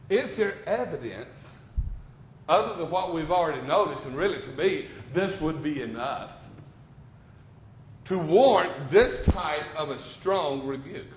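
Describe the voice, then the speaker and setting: A male preacher delivering a sermon in a church classroom, talking conversationally, then loud, then quiet. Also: sits high, very animated, moderate pace, reverberant, a little hiss or hum.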